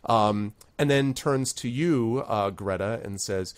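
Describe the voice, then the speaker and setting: A man's voice: lowish voice, takes it slowly, few pauses, smooth, no echo. A man narrating as game master of a tabletop game, loosely, with many ums and uhs.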